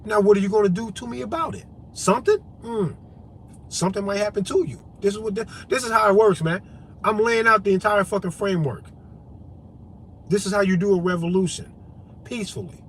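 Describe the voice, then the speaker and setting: A man's voice: sits high, a little fast, a little hiss or hum. A man vlogging an impassioned monologue to camera, profane, emphatic and preachy, hammering points with repetition. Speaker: vlogger and activist.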